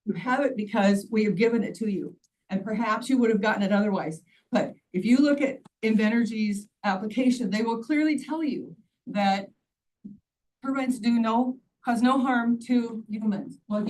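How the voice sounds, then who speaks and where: In a county meeting room, a woman in her sixties offers earnest, pleading public comment at a hearing. Her darkish voice sits on the high side, and the distant mic catches faint background noise.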